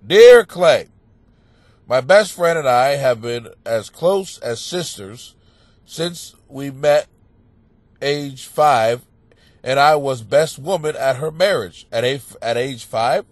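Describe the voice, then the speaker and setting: A man hosting a comedy advice podcast, stuffed up and sniffling, rambling crudely and mocking himself with sudden loud outbursts, recorded in a home basement. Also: mid-range voice, slow, dry recording. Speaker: podcast host giving advice.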